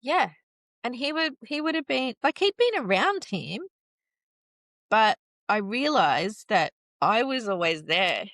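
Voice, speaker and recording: Halting woman telling her story. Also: a little high, sing-song, a bit bright, no room sound. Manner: halting, restarts often, laughs nervously. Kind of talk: emotional personal interview.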